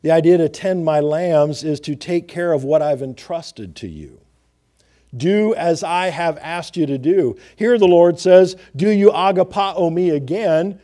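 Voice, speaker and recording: A male preacher delivering a sermon, reading scripture in old-fashioned wording and swinging from loud, emphatic preaching to hushed, intimate asides. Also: a little high, a little slow.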